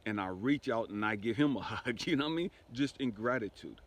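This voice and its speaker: A man's voice: mid-range voice, lively intonation, a little fast. A grieving man telling a personal spiritual testimony in a conversational way, often asking "you know what I mean". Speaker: spiritual speaker.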